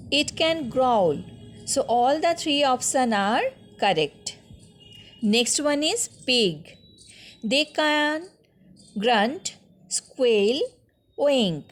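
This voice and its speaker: Woman, school teacher, Indian English accent, very slow delivery, slightly high voice, patient step-by-step explaining. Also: lively intonation, soft background music. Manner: patient, step by step, checking with "okay?". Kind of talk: recorded class lesson for young children.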